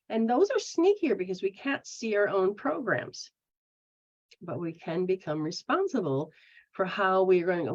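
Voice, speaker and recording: A woman giving a casual spiritual teaching talk. She acts out people's inner voices in a lively way. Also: medium pitch, normal speed. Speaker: metaphysical practitioner. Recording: dull lo-fi recording.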